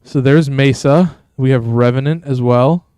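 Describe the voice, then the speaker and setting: A man hosting a game stream, chatting in a laid-back way with bursts of excitement. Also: medium pitch, measured pace, dry recording. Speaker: streamer host. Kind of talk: gameplay commentary.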